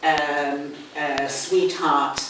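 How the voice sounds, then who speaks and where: An older woman with a London accent gives a one-on-one English lesson, explaining patiently and repeating key words. Her voice sits low and a bit bright, with fairly even intonation and drawn-out words. The room is echoey, the mic distant, and there's faint noise.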